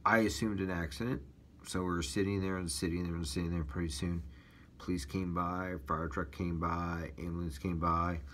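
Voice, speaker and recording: Deep-voiced rambling Midwestern man. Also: little pitch movement, normal speed, fairly bright tone, slight background noise. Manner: rambling storytelling with many fillers and restarts. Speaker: taxi driver sharing his religious testimony. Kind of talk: casual personal testimony.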